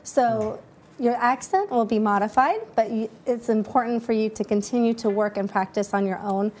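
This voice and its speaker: A woman who works as an accent coach, giving measured, explanatory interview answers that often start with "um". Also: fairly high pitch, a little mellow.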